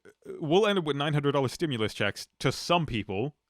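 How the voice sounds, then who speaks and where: A man's voice: on the high side, lively intonation, a little fast, no echo, studio quality. A young man co-hosting a casual podcast, joking and swearing as he riffs, putting on mocking voices. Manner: jokey, profane, does mocking voices of politicians. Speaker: podcast co-host. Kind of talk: casual banter.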